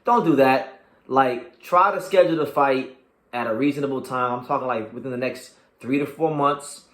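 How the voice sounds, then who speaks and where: A man's voice: mid-range voice, normal speed, a bit bright, roomy sound. A man hosting a boxing show, breaking down a fight in casual chat. He talks with lots of energy, swears casually, and stumbles and repeats words.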